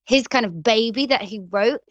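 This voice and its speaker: A woman in her thirties with a Grimsby accent chats quickly and laughs often. She sits a touch high in pitch and sounds close and dry on the mic. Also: dry recording, highs cut off. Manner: chatty, quick, laughs often, slips into quoted voices. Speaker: actress, interview guest. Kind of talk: casual interview chat.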